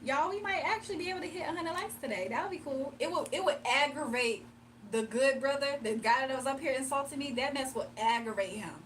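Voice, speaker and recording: A high-pitched woman hosts a laid-back livestream, chatting to viewers and breaking into frequent laughs. She sits a little back from the mic, and a faint hum runs underneath. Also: brisk, a bit bright, distant mic. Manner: chatty, laughs often, talks straight to chat. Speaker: livestream host. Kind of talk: casual livestream chat with viewers.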